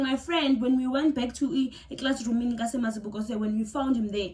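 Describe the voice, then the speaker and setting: Young South African woman, high-pitched, casual storyteller, emotional and exclamatory. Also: fairly even intonation, brisk, hardly any pauses, darkish tone. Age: young adult. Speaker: vlogger.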